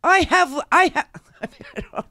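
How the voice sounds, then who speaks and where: A middle-aged woman hosts a talk radio show, talking in a sarcastic, restless ramble. Her pitch leaps up and down as she riffs. The recording is dry and close, with no room sound. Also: moderate pace, no room sound. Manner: animated, sarcastic, rambling with many restarts. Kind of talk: talk radio political commentary.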